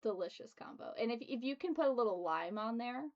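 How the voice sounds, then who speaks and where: A woman's voice: fairly high pitch, expressive, fast, few pauses, highs cut off. A woman hosting a tabletop game stream, chatting casually and giggling often. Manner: giggly, laughs often between words. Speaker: streamer and host.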